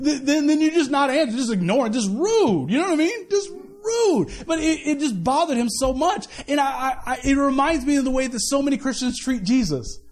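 The sermon comes from a pastor whose voice is strikingly high. Addressing the congregation at a church service, he stays conversational and animated, frequently restarting his sentences and slipping in quick asides.

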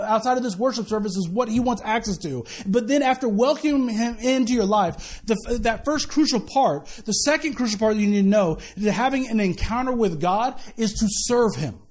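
A male pastor giving a sermon in a conversational, animated way, often restarting his sentences and adding quick asides. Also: very high voice. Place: church worship service.

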